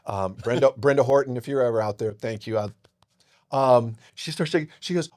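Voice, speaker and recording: A man's voice: mid-range voice, fairly quick, darkish tone. A boisterous man, a podcast guest, telling a long personal story in casual chat. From Seattle area.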